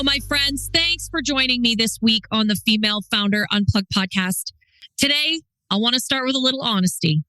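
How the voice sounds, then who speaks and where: Bright, candid woman podcast host. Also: fairly high pitch, dry recording, poor audio. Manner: candid, conversational, emphatic. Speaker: podcast host and leadership coach. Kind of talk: solo podcast monologue.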